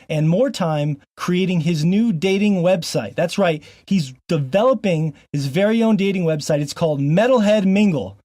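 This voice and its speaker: A man's voice: a little high, warm tone, no room sound, clean studio sound. A man from Montana hosting a casual podcast, joking and laughing often between frequent ums. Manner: jokey, laughs often, fillers like um. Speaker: podcast host.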